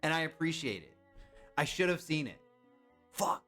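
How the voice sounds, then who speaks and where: A young man chatting casually on a live stream, excitable and swearing when he guesses wrong. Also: on the high side, normal speed, soft background music. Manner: excitable, swears and yelps at misses.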